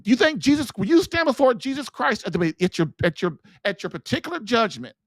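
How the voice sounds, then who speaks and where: A man's voice: very high-pitched, animated, a little fast, no echo, clean studio sound. Preachy man firing rhetorical questions. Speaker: podcast host and marriage coach. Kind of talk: impassioned religious monologue.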